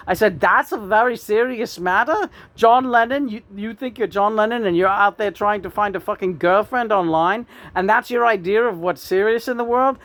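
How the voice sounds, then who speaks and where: A woman speaking as the channeled spirit of a famous male rock star, ranting profanely and mockingly with sudden loud outbursts. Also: a little high, dry recording, pitched above the performer's own voice, lightly acted.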